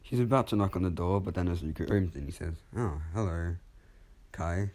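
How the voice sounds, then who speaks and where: Man narrating a fan story, low dark voice, rambling, casual, self-correcting. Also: rapid-fire.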